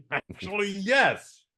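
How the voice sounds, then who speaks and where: A man's voice: sits high, pushed and bright. Profane, rambling male podcast host. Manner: profane, rambling, exasperated storytelling. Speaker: podcast co-host reviewing a movie. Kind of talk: casual comedic movie review.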